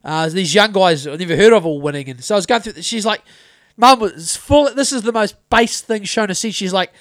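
A man's voice: high-pitched, expressive, brisk, fairly bright tone, no room sound, studio quality. Sweary New Zealand man ranting. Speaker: podcast co-host. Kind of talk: casual chat.

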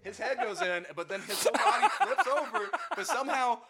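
A man's voice: extremely high pitch, sing-song, brisk, bright, forceful tone, a little hiss or hum. A young man in a casual chat, telling a rambling, profane story full of "like". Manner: rambling and profane, heavy use of "like". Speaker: touring band musician.

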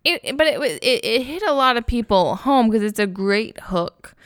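Chatty woman podcast co-host, smooth voice. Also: a little high, expressive, no echo, clean studio sound. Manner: chatty, laughs often, quick asides. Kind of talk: casual chat. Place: Houston-based podcast.

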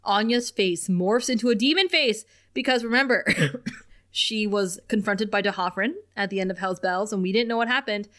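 A woman's voice: medium pitch, normal speed. A young woman co-hosting a podcast, recapping an episode in casual chat and laughing often. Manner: animated, laughs often, reads quotes in lively voices. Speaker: podcast co-host.

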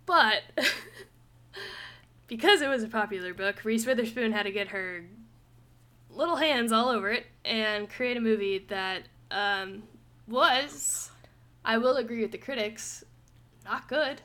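A young woman hosting a casual book review podcast, animated and quick to laugh, with lots of "like" fillers. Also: fairly high pitch. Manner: animated, laughs often, says "like" a lot. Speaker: podcast host.

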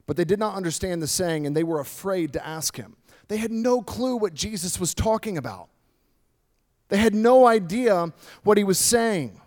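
A male pastor preaching a sermon in a conversational, animated way, reading and explaining scripture. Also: high-pitched, moderate pace.

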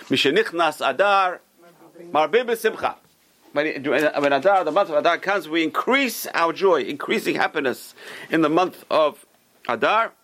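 A man teaching a Torah class as a rabbi, emphatic and repeating his key words, who tells stories in an animated way. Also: on the high side, rough recording.

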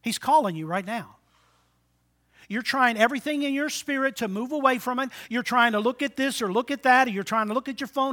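A man in his sixties preaching a sermon, swinging between loud exhortation and quiet, low asides, and calling for amens from the congregation. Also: brisk. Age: 60s. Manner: call-and-response with the congregation. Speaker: pastor.

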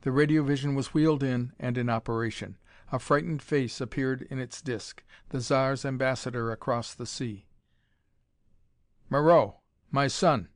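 A man's voice: mid-range voice, fairly even intonation, normal speed, no room sound. A man narrating a dramatic pulp adventure story, reading it aloud in a dry recording.

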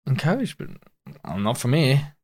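A man's voice: mid-range voice, very animated, moderate pace, darkish tone. A man playing a tabletop game in a casual, laid-back way. His remarks are wry and short. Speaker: player.

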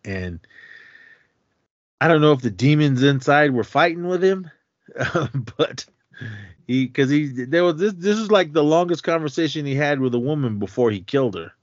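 A man co-hosting a podcast, retelling a film scene in a rambling, halting way with many fillers. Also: on the high side, animated, no echo, lo-fi sound. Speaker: podcast co-host. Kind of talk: casual film recap.

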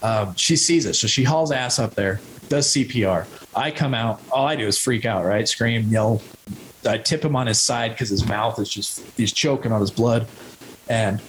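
Man, thirties, podcast guest, rambling raw storytelling, middle-pitched voice, faint hiss. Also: rough recording. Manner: raw, rambling storytelling with bursts of shouted quotes. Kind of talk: personal recovery story.

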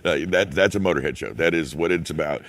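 A man hosting a podcast in casual chat, swearing freely and adding quick comments. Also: rumbling low. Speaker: podcast host.

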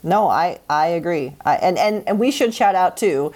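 A woman co-hosting a hockey chat show, talking in a lowish voice for a woman. She is chatty and quick to laugh, often stumbling and restarting her sentences. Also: lively intonation, a little mellow. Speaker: podcast co-host. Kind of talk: casual chat.

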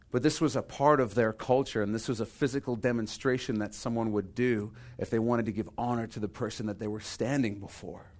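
A man in mid-sermon, earnest and emphatic, at an ordinary middle pitch. He draws key words out slowly for weight and slips into playful acted-out voices to make a point. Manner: acts out quoted voices with humor. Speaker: preacher.

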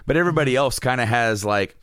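A man's voice: mid-range voice, quick pace, smooth, no room sound, clean studio sound. A man co-hosting a casual chat, telling stories with lots of laughs and acted-out quotes. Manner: animated storyteller, laughs often, acts out quotes. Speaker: podcast co-host.

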